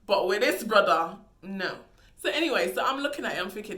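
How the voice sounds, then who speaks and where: A woman's voice: medium pitch, animated, a little fast, bright, forceful tone. A young woman vlogger telling a story in a casual, dramatic, slangy way. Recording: echoey room.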